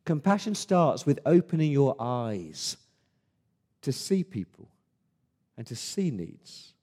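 Guy preaching a sermon, earnest and punchy, warm mellow tone. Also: mid-range voice, very animated, slow pace. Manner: earnest, emphatic preaching with repeated restarts. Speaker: pastor.

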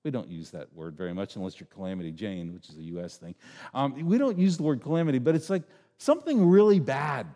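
A man's voice: mid-range voice, very animated, quick pace, dark tone, big-room sound. A middle-aged man preaching a sermon as pastor, in a conversational, joking way, acting out voices.

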